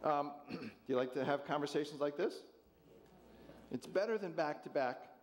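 A man's voice: on the high side, normal speed. A man pastor leading an interactive sermon with volunteers, jovial and chuckling as he asks the congregation questions.

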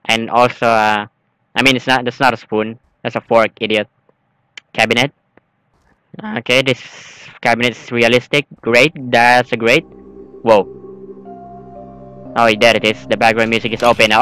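A man giving rambling horror gameplay commentary as a channel host, excitable and breaking into yelps and screams. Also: medium pitch, normal speed, pauses often, smooth, low-quality recording.

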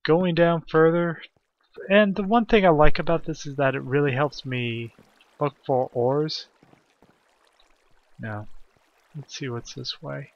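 A man talking quietly to himself as he plays a video game, in a self-deprecating manner. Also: fairly high pitch, takes it slowly, pauses often. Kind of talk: let's play commentary. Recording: dull lo-fi recording.

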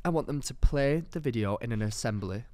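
A man's voice: mid-range voice, lively intonation, fairly quick, mellow, dry recording. A man co-hosting a podcast in casual comedic chat, playful and theatrical with crude jokes. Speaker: podcast co-host.

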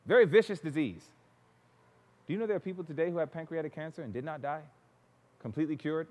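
A man's voice: on the high side, fast, darkish tone. A man preaching a sermon, telling stories with animation and acting out the people he quotes. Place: church sanctuary. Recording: long church reverb.

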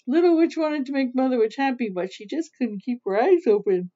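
A mother reading a picture book aloud to children, adding gentle teaching asides, on a slightly dull recording. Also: sits high, animated, fairly quick.

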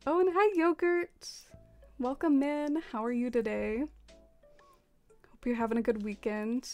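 A young woman live streaming a game, chatting casually with her viewers in a soft, rambling way full of fillers and trailing thoughts. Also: on the high side, fairly even intonation, measured pace, soft background music. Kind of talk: casual stream chat while playing a game.

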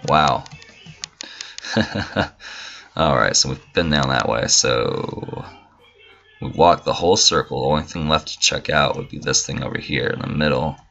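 Male gamer, very low voice with a bright edge, swears and jokes casually, slightly muffled recording. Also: a little slow, creaky, pauses often, slight background noise. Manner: profane, joking, talks to game characters. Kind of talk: casual let's play commentary.

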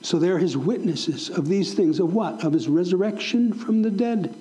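A male pastor with a high, mellow voice preaches in a church sanctuary. He presses his points by firing the same question at the congregation again and again. His delivery is emphatic and heartfelt. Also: moderate pace, rough recording. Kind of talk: sermon.

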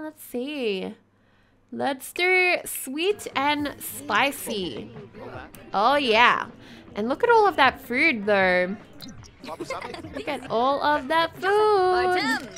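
A woman with a high, swooping voice hosts a let's play and talks through the game. She is excitable, gasps often, and calls out in wonder at what she finds, all at an unhurried pace. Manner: excitable, gasping, exclaiming in wonder. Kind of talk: gameplay commentary.

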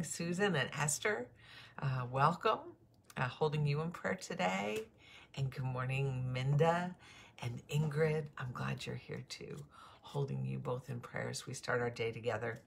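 A woman's voice: rumbling low, gravelly, a little hiss or hum. A woman pastor giving a morning devotion, greeting listeners by name and preaching earnestly with emphatic repetition.

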